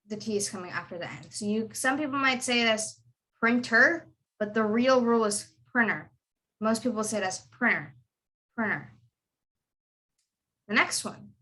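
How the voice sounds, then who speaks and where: Bright-voiced woman teaching pronunciation. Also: mid-range voice. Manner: repeats words slowly, asks students to echo them. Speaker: accent tutor. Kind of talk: online pronunciation lesson.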